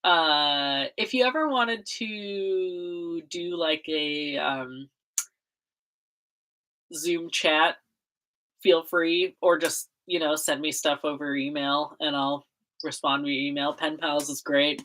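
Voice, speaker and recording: A woman's voice: deep voice, steady tone, slow, a bit bright. A young American woman chatting casually on a livestream, bubbly and giggly, full of fillers and laughter. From United States. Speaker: livestream host.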